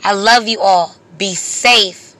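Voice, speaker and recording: A vlogger speaks straight to viewers with a bright, forward voice. The talk is impassioned and casual, full of repeated, emphatic phrases in a preachy rhythm. The voice often sinks and fades at the end of a line. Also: mid-range voice, slow, dry recording.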